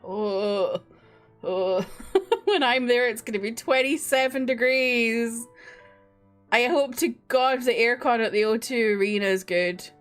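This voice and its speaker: A woman's voice: fairly high pitch, measured pace, clear, resonant tone, faint music behind. Chatty Scottish woman streamer. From Scotland. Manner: chatty, laughing, swearing casually while greeting chat. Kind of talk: casual livestream chat. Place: home room.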